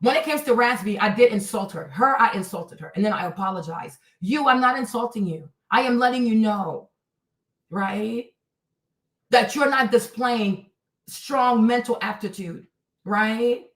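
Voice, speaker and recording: A woman's voice: on the high side, measured pace, fairly bright tone, echoey room, distant mic, rough recording. A woman livestreaming commentary, reading and answering her chat in a blunt, scolding way, repeating her points.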